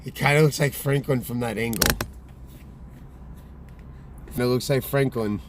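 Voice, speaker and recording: A man's voice: mid-range voice, measured pace, background noise. A man casually livestreaming from a car, rambling in loose slangy talk full of fillers. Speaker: streamer. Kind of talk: casual mobile livestream chat.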